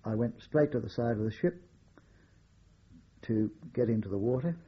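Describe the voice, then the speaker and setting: An older man, a war veteran, recalling his memories in a measured oral-history style with occasional wry chuckles. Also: medium pitch, breathy edge, muffled recording.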